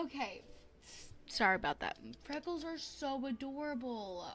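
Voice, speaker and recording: A young woman streaming a life-sim game, chatting casually to viewers in a bubbly, excitable way, gasping and repeating herself. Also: fairly high pitch, a little slow, vocal fry, noisy background. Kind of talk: casual gaming stream chat.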